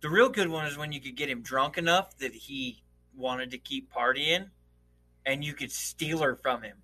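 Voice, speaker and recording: Man, casual storyteller, high bright voice, swears freely, plays out quotes. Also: normal speed. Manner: profane, laughing storytelling. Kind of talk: casual chat.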